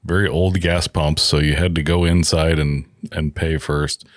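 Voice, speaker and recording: Very deep-voiced man telling a story. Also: unhurried, no room sound, studio quality. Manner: relaxed, wry, with asides. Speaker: podcast co-host. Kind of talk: casual storytelling chat.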